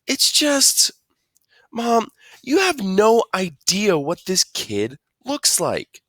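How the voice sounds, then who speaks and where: A blunt, worked-up schoolboy who leans hard on his words and stretches them out, as a man puts him on while reading a storybook aloud. The voice is bright and tight, with big swings in pitch, and the sound is dry. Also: huge pitch swings, very slow, no room sound, heavily acted. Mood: insistent.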